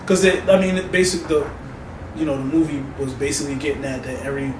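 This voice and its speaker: A man's voice: fairly high pitch, steady tone, fast. A man talking emphatically in casual chat about a movie. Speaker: podcast co-host. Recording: echoey room, distant mic, background noise.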